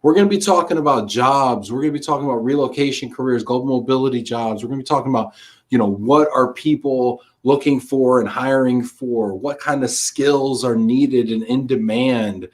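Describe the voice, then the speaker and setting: A man's voice: mid-range voice, moderate pace. A man hosting a live-streamed talk show, chatting casually and energetically on a video call, tossing in slang like "buddy" and "man".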